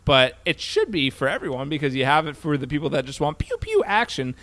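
A man's voice: a little high, wildly swooping pitch, brisk, a bit bright, no room sound. A man co-hosting a film podcast, ranting casually with lots of swearing and jokes. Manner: profane, ranting, jokey. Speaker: podcast co-host.

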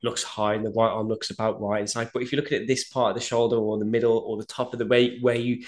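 A powerlifting coach talks at a quick clip in a fairly low voice. He tells stories animatedly, with casual swearing, in a relaxed podcast chat.

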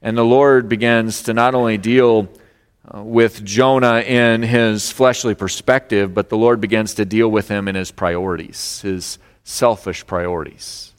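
A male pastor preaching a sermon, expressive, acting out the lines of the story. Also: fairly low pitch, measured pace, clean tone, in a large hall. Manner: expressive preaching, acts out voices of God and Jonah.

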